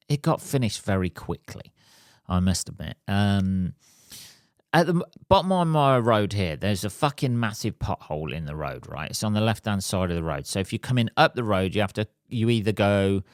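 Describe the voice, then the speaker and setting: A middle-aged man hosting a podcast, telling a story as an animated, sweary rant. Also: low-pitched, smooth, dry recording, studio quality. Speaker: podcast host. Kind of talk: casual monologue.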